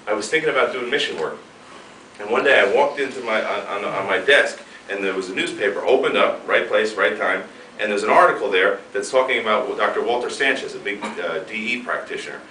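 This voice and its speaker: A man's voice: mid-range voice, pushed and bright, a little hiss or hum. A man in his thirties giving a fired-up, emphatic motivational talk as a seminar speaker. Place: seminar room. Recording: echoey room, mic far off.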